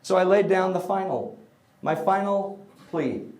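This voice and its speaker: A middle-aged man tells a funny story about parenting to an audience, animated and comic, sometimes breaking into shouts. His voice sits high and his pace is unhurried.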